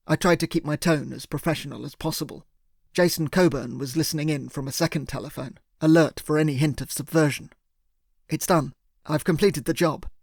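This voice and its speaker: A man narrating a first-person thriller audiobook in a steady, earnest way. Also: on the high side, gravelly, no room sound, clean studio sound.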